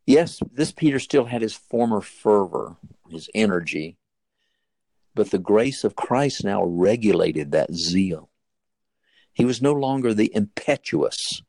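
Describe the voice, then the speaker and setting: A man with a low, gravelly voice retells a scripture story in a sermon. He tells it earnestly, and his pitch jumps high whenever the story turns dramatic. The sound is close and dry, with no room echo. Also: darkish tone. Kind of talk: sermon-style Bible storytelling.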